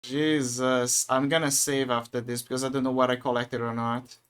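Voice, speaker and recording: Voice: mid-range voice, little pitch movement, normal speed, clean tone. A streamer chatting casually to viewers while gaming, often stammering and repeating words as they vent.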